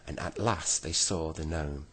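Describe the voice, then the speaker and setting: A man reading a bedtime story aloud gently, now and then correcting himself. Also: a bass voice, unhurried, husky, rough recording.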